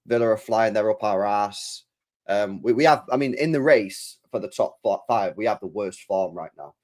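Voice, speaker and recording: A man's voice: fairly low pitch, moderate pace, a little mellow. A man hosting a casual football fan livestream, blunt and chatty with casual swearing. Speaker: host of a football fan show.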